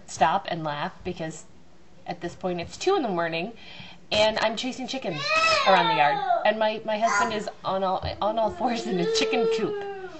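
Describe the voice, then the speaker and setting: A woman's voice: fairly low pitch, slight background noise. A woman telling a long, rambling, self-mocking story about her family at home. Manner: chatty, self-mocking, acts out loud voices.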